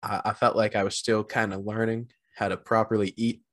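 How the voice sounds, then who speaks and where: A man co-hosting a casual podcast, rambling in a self-deprecating way with animated bursts. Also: fairly low pitch, brisk, no room sound. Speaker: podcast co-host.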